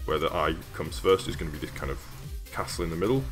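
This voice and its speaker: A man's voice: rumbling low, fast talker, over music. A man with a Yorkshire accent talking casually while he works on a landscape during a live stream, rambling with lots of fillers and small laughs. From Yorkshire, northern England. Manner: rambling, self-amused, many fillers.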